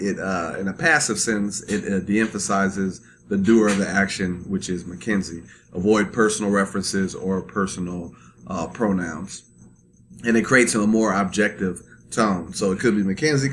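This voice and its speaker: A man with a fairly low voice walks through slides in a relaxed, chatty lecture, checking in with "right?" and leaning on "uh" between points. A faint hiss sits under the recording. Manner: loose, conversational, many fillers and "right?" checks. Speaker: instructor.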